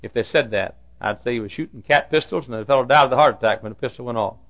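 A man preaching a sermon, repeating phrases for emphasis and swinging from loud outbursts to hushed lines. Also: mid-range voice, quick pace. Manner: swings between loud shouted lines and hushed quiet ones; repeats phrases for emphasis, acts out quoted dialogue. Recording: dull lo-fi recording.

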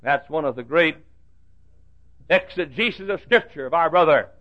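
A man, his pitch high for a man, thunders through a fundamentalist sermon. His voice leaps all over, hushed one moment and shouting the next. The recording is dull and lo-fi, like an old tape. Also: animated, normal speed. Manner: shouting, dramatic swings from hushed to yelled. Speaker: preacher.

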